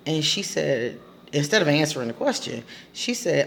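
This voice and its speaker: Woman rambling about her dating life, gravelly voice, laughs a lot, real blunt. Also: low voice, very animated, moderate pace, a little hiss or hum. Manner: candid, laughs often, emphatic. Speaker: tarot reader. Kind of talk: casual storytelling.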